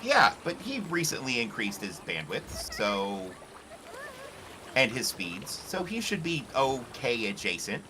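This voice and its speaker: A man's voice: medium pitch, wildly swooping pitch, measured pace, background noise. A man on a casual voice chat, giving blunt, profane, confident advice about streaming.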